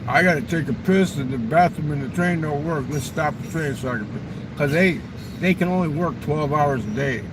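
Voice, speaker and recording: A man rambles through crude stories in a loose, profane monologue, his voice sitting a bit higher than most men's. He talks outdoors near a railroad crossing, with faint traffic noise behind him. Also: moderate pace. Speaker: vlogger.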